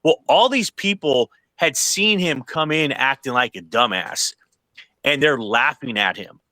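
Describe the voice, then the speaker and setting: A man's voice: medium pitch, a little slow, no room sound. A male podcast host telling a story in casual, profane speech, acting out what other people said. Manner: animated, profane, acts out quoted voices. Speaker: podcast host and event promoter.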